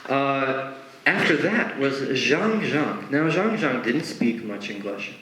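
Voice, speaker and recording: A man's voice: mid-range voice, lively intonation, slow, bright, forceful tone, roomy sound, slight background noise, poor audio. A young man from Connecticut performing musical stand-up, telling a story and acting out its characters on a stage before an audience. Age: young adult. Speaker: comedian.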